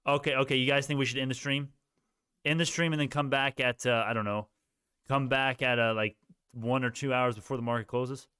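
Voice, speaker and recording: A man's voice: medium pitch, steady tone, fairly quick, bright, forceful tone, smooth, dry recording, clean studio sound. A man hosting a stock market live stream, answering viewer questions in a rambling, casual way while thinking aloud. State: sleepy, yawning. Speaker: stock livestream host.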